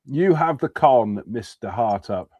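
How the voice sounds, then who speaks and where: A man hosting a relaxed hobby livestream, chatty and joking. He has a cold. His voice is mellow and the sound is dry and close. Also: mid-range voice, measured pace, no echo, dull audio. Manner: chatty, jokey. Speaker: host. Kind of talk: casual livestream chat.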